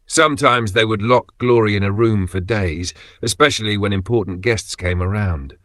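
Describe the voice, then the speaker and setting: A man narrating a scripted dramatic story in short, measured phrases. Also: fairly low pitch, a bit bright, no echo.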